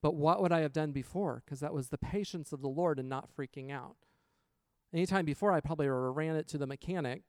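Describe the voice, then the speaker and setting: Man, smooth dry voice, chatty storyteller quoting conversations. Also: fairly high pitch, brisk, dry recording. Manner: chatty, retells scenes with quoted dialogue, faith-based reflection. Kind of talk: casual personal storytelling.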